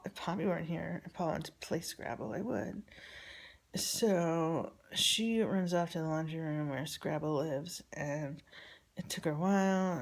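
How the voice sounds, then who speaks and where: A woman telling a personal story about her family in a rambling, halting, confessional way, often dropping to a near whisper. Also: on the low side, a little mellow.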